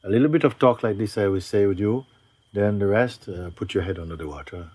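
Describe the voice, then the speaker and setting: A man as a spiritual teacher giving a spontaneous talk to a gathering, gentle and unhurried, often breaking into laughter. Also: fairly low pitch. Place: retreat gathering.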